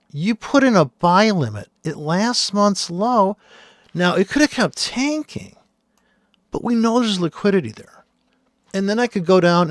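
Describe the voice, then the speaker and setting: A man's voice: sits high, a bit bright, no room sound, studio quality. A man who trades, walking through charts on screen in blunt, profane, exasperated commentary.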